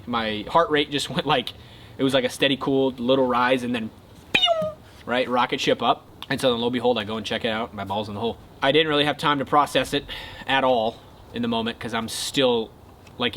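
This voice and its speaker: A young man casually telling a golf story to his viewers, excitable and then earnest. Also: medium pitch, slight background noise. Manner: excitable retelling, quieter and earnest when talking faith. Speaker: golf content creator.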